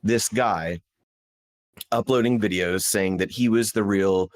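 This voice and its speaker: A man with a low-pitched voice co-hosts a podcast in loose, casual chat. He rambles and restarts his sentences often. The recording is dry and close, with no room echo. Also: unhurried. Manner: rambling with frequent restarts and laughs. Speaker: podcast co-host.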